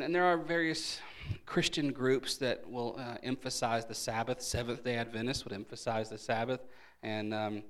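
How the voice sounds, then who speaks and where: A man delivering a sermon in an emphatic teaching voice. He poses questions to the congregation and answers them, swinging between loud stressed words and softer asides. His voice sits at an ordinary middle pitch for a man. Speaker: pastor. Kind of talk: evening Bible teaching sermon.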